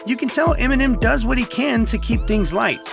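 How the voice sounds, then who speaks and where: Gravelly high-voiced male narrator. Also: animated. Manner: measured, informative. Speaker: channel host, narrator. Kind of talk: scripted narration. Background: music.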